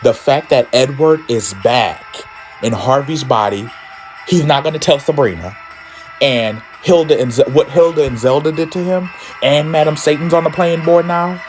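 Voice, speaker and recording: A man's voice: on the high side, normal speed, a little mellow, faint music behind. A man casually summarizing a comic book story, with campy, sassy asides and swearing.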